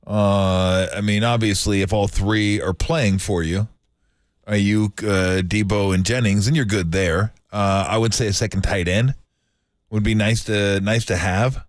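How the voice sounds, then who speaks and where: A man's voice: lowish voice, fairly even intonation, unhurried, no echo, studio quality. A man co-hosting sports radio, talking through draft needs in a loose, conversational way with lots of fillers. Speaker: radio sports talk co-host. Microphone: studio microphone.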